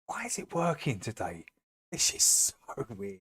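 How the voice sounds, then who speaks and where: A man's voice: medium pitch, huge pitch swings, unhurried, sharp tone, husky. A man chatting casually as he reacts to a video, amused and laughing easily.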